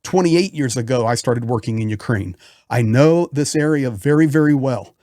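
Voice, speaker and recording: A man's voice: mid-range voice, moderate pace, warm tone, dry recording, clean studio sound. A man giving impassioned political commentary in a frustrated, emphatic way.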